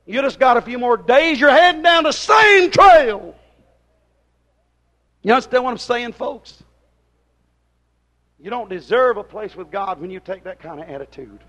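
Male preacher, high-pitched, fiery sermon delivery, swings between hollering and hushed pleading. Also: expressive, moderate pace. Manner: hollers at the congregation, then drops to a hushed plea; folksy dialect grammar.

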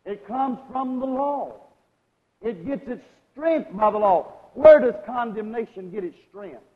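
A man preaching a sermon, questioning his congregation and asking them to agree, his loudness swinging between strong and hushed. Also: extremely high pitch, measured pace, husky. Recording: lo-fi recording with a long hall echo.

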